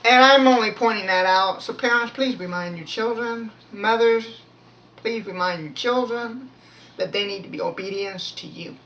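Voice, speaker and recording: A woman's voice: medium pitch, normal speed. A woman gives a loose, rambling devotional talk and prays aloud, restarting sentences and raising her voice. She sits some way back from the mic, and a faint hiss runs under her. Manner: rambling, many restarts, pushes to speak loud. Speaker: devotional video speaker. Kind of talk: casual devotional talk with prayer. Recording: voice from far off the mic, faint noise.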